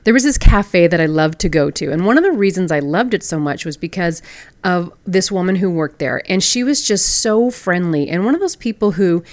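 A woman's voice: fairly low pitch, lively intonation, a little fast, no echo. A woman, hosting a solo podcast in a conversational way and asking the listener questions. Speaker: podcast host.

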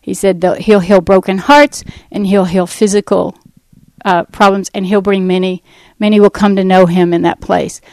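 A woman from the United States telling her life testimony, acting out the dialogue in lively fashion. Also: mid-range voice, normal speed, no echo, low-quality recording. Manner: animated storyteller acting out dialogue. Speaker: ministry founder giving testimony. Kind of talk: personal testimony talk.

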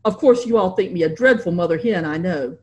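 A woman's voice: fairly low pitch, a little fast, a little mellow, lightly acted. A woman voicing a fussy, genteel middle-aged mother. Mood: fretful.

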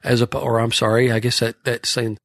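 A man's voice: mid-range voice, level tone, fairly quick, fairly bright tone, no room sound. Folksy texas guy rambling through a ranch story, lots of restarts, dry room. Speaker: horsemanship clinician.

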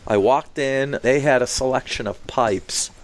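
A man's voice: mid-range voice, a little slow, no echo. A man co-hosting a podcast, telling a casual story and acting out the people he quotes. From Boston. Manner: animated, acts out quoted voices. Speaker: podcast co-host.

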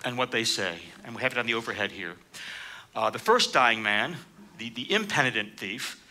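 A man preaching a sermon, reading scripture and explaining it, lifting his voice sharply for quoted lines. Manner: animated, raises pitch for quoted speakers.

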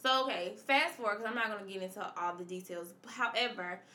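A woman's voice: medium pitch, fast, bright, forceful tone, roomy sound. A woman hosting a confessional podcast, speaking emphatically and repeating her points in a preacherly way. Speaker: podcast host. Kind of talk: personal confessional podcast monologue.

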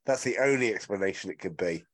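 A man's voice: low voice, expressive, quick pace, fairly bright tone. A man chatting casually as a podcast co-host, teasing and enthusiastic as he argues his point. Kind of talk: casual film chat.

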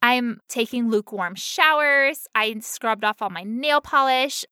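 A young woman co-hosting a podcast speaks candidly and emotionally about personal matters, laughing often. Her fairly high voice is a little slow, pushed and bright, captured in a clean studio with no room sound.

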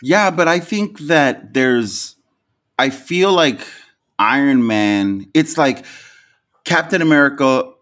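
Animated man chatting on a podcast. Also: medium pitch, slow pace. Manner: animated, restarts sentences, quotes people in lively voices. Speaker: podcast co-host. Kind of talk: casual chat.

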